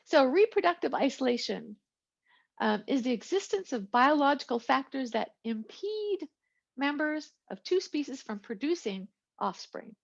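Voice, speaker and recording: A woman's voice: high-pitched, big pitch swings, normal speed, gravelly. A woman teaching a biology lecture in a chatty style, with asides and small jokes. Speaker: biology instructor. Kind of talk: recorded lecture. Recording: lo-fi, muffled recording.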